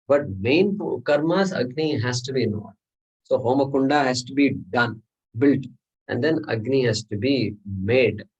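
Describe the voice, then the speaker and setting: Here a man with a fairly high, somewhat mellow and slightly rough voice teaches scripture in a classroom, with the recording's highs cut off. He lays out the lesson step by step, checking "okay?" often and asking the class rhetorical questions.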